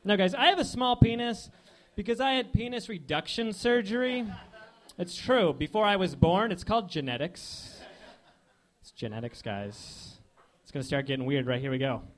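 A young man with a high-pitched voice performs stand-up at a moderate pace on a comedy club stage, holding a handheld mic. His set is deadpan one-liners packed with filler words.

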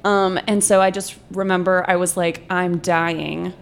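A woman's voice: mid-range voice, little pitch movement, normal speed, a little hiss or hum. Chatty young woman, laughing often. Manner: chatty, laughing, lots of fillers. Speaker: guest comedian. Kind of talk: casual interview chat.

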